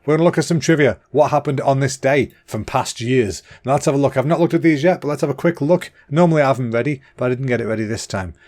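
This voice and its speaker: Chatty, excitable northern man. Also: medium pitch, fast talker, few pauses. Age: 30s. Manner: chatty and excitable, with fillers and restarts. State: slightly out of breath and throat-clogged. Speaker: podcast host. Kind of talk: casual solo podcast rambling.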